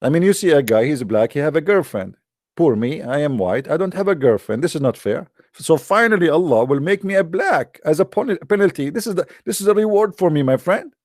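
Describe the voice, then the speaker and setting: A man speaks to his audience in a sarcastic, mocking monologue, his English halting and non-native. His voice sits somewhat high, and the sound is dry, with no room around it. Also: big pitch swings, no room sound. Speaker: online commentator.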